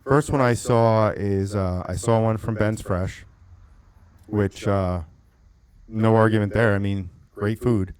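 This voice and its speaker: A man co-hosting a podcast, telling animated stories and acting out quotes in casual chat. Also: fairly low pitch, slow, smooth, dry recording. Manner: animated storytelling, swears, acts out quotes. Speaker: podcast co-host.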